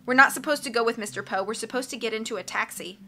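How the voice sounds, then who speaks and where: A woman reading a storybook, voicing a clever, determined teenage girl who speaks calmly and firmly. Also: a little high, fast, slight background noise. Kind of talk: audiobook character reading.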